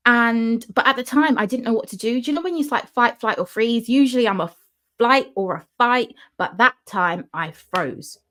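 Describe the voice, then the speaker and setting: A woman's voice: on the high side, normal speed. Young woman vlogging, chatty storytelling, does little voices for quotes. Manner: animated, acts out quotes in her story. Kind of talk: casual storytelling.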